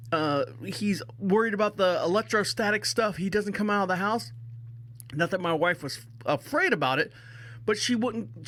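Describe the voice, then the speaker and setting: High-voiced rambling podcast man. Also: fairly bright tone. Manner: chatty, repeats himself, restarts phrases. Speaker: podcast host. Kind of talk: rambling casual storytelling.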